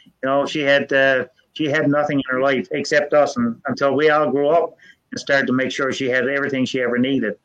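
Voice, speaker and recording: An older man, telling family ghost stories in a folksy, earnest way with halting restarts. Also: mid-range voice, flat delivery, fairly bright tone. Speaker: storyteller guest. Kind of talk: casual storytelling. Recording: dull lo-fi sound.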